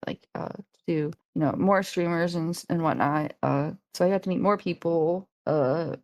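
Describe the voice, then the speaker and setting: A woman with a lowish voice chatting as a podcast guest. She rambles and giggles between her thoughts. The sound is dry and close. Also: moderate pace, darkish tone, dry recording. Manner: rambling, giggly, many fillers. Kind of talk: casual podcast chat.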